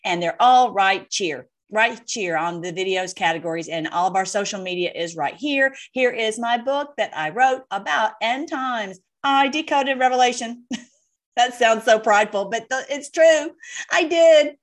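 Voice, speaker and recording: Woman, slightly high voice, online host, casual monologue, excitable, laughing, rambling. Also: normal speed.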